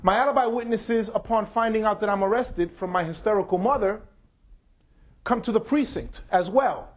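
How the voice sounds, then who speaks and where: A man with a fairly high voice gives a slow, deliberate public talk at a university. The recording sounds dull and lo-fi. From United States. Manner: slow, measured, deliberate delivery. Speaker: speaker. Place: university lecture hall.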